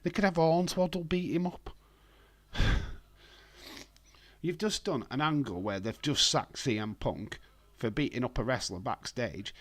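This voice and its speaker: A man with a hoarse voice, hosting a casual live stream from home and talking in a blunt, rambling way. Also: mid-range voice, measured pace. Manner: blunt, rambling, profane, reads chat aloud.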